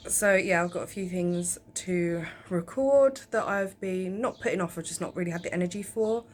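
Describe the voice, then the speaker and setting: A woman's voice: lowish voice, moderate pace, few pauses, a little hiss or hum. A young woman chatting casually in a home vlog, rambling with lots of ums. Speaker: vlogger. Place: home, indoors.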